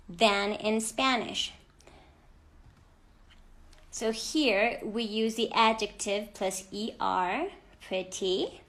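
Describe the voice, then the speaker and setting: A woman teaching an English grammar lesson to children, speaking clearly and deliberately and stressing each example word. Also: medium pitch, fairly bright tone.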